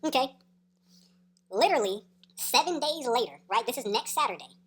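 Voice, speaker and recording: A woman's voice: on the high side, expressive, moderate pace, fairly bright tone. A woman telling a story in a casual, slangy, profane way, laughing as she goes. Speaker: storyteller vlogger.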